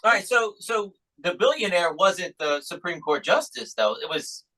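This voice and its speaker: Bright-voiced enthusiastic male podcast host. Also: sits high, animated, moderate pace, low-quality recording. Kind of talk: interview chat.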